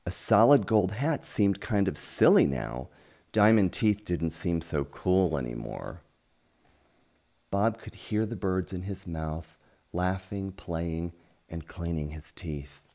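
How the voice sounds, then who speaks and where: A man reading a children's picture book aloud at home, gentle and unhurried, pausing to point out the pictures. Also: low-pitched. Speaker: storytime reader. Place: at home with a dog.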